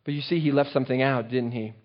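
A man's voice: medium pitch, steady tone, quick pace. A man preaching a sermon and often asking his listeners questions, recorded on a dull, lo-fi track. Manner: engaging, asks the listeners rhetorical questions. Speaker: pastor.

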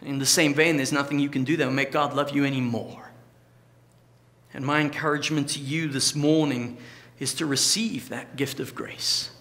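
A man preaching a sermon to his church congregation, with an emphatic delivery that slows down on key phrases. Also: medium pitch, pushed and bright, long reverb tail. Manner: emphatic, varied delivery with slow stressed phrases. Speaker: pastor. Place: church hall.

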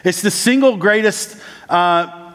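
A man preaching a sermon with frequent "uh" and "like" fillers, who moves between raised, urgent lines and low, slow, quiet ones. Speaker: church planting resident preaching. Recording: long church-hall reverb.

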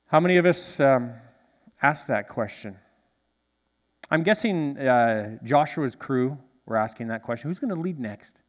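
A male pastor preaching a sermon in a church, animated and drawing responses from the congregation. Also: mid-range voice, measured pace, long reverb tail. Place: church sanctuary.

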